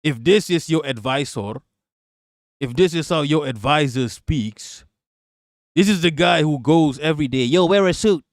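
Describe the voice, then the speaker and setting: Male streamer, loud mocking profane rant, fairly high voice, dead dry sound. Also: a little slow, no echo.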